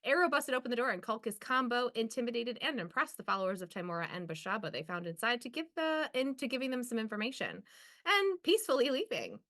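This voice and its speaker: A woman's voice: fairly high pitch, sing-song, fast, a bit bright. A woman player in a streamed tabletop game, joking playfully and tripping over her words, who also reads the recap. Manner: playful, laughing, tongue-tangled. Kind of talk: casual chat and read recap.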